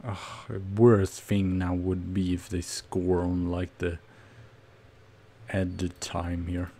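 A man streaming a football management game, commenting casually on each play with nervous excitement and sudden shouts. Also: low voice, takes it slowly. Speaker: gaming streamer.

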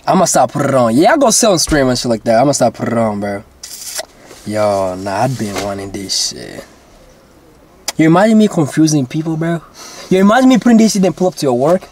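A man's voice: mid-range voice, a little mellow. A man vlogging to his viewers in casual chat, rambling and slangy, swearing and saying bro constantly.

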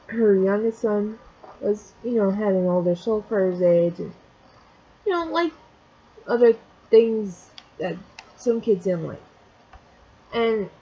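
A woman speaks straight to her camera, her mellow, husky voice halting and catching as she fights back tears. She often stops and restarts her sentences. The recording sounds dull and lo-fi. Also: medium pitch. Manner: emotional, halting, many restarts. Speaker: vlogger. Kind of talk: personal vlog, retelling a story.

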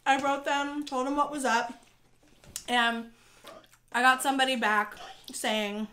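Woman co-host, bright and forceful tone, slightly high, chatty storyteller over a meal. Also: fairly even intonation, unhurried, a little hiss or hum. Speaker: vlog co-host. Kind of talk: casual chat while eating.

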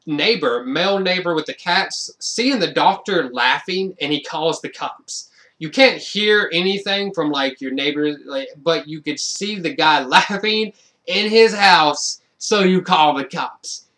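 A man's voice: high-pitched, sharp tone. A man giving a casual, rambling film review, with lots of fillers and restarts and frequent amused laughs.

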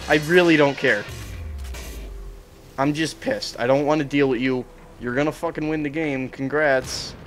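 A man's voice: on the high side, slight background noise. A young man ranting and swearing in frustration while commenting on his own gameplay. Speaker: gaming streamer.

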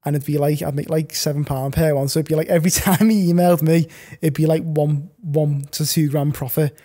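Young man, slightly high voice, mellow warm tone, rambling casual podcast guest. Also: steady tone, a little fast. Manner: rambling, filler-heavy storytelling. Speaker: podcast guest, online reseller.

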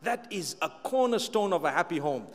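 A man with a very high voice for his sex preaches to a gathered audience, driving his points home by repeating them and slipping in wry asides. His words ring out with a long reverb, as if from a large hall. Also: sing-song, fairly quick. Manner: emphatic, repeats key phrases, light humorous asides. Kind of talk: sermon to a live audience.

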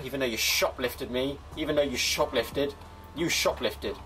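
A man's voice: mid-range voice, moderate pace, bright, forceful tone, slight background noise. A young man commentating a game with jokes, chatting to customers in a mock shopkeeper voice. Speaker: gaming YouTuber. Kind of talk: comedic gameplay commentary.

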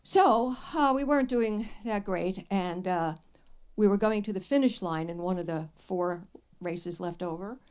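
A woman's voice: mid-range voice, measured pace, clean tone. Blunt, wry older woman host. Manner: blunt, wry, lively storyteller. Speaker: radio advice host. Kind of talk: live show talk with an audience. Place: radio studio with live audience.

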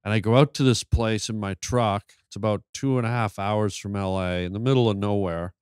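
A man telling a long story on a podcast, animated and full of stammered restarts. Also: fairly low pitch, a little fast, clean tone, dry recording, studio quality. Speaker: podcast guest. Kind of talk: storytelling in casual chat.

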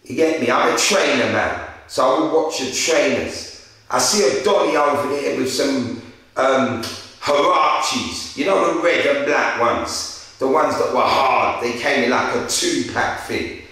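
Young London man, interviewer, animated street storyteller; bright voice, heard from a distance. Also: medium pitch, a little slow. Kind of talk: casual storytelling. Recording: very echoey room, far from mic.

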